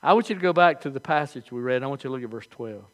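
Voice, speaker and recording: An older man preaching a sermon as pastor, telling folksy stories with animated, halting restarts. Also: medium pitch.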